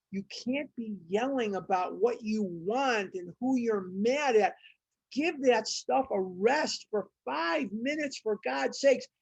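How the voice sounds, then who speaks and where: A woman's voice: mid-range voice, darkish tone, slightly rough, dry recording. Emphatic woman leading a recovery study. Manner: emphatic, repeats phrases for stress. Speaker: recovery study group leader. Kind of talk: reading aloud and commenting on a recovery book. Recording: dull, muffled audio.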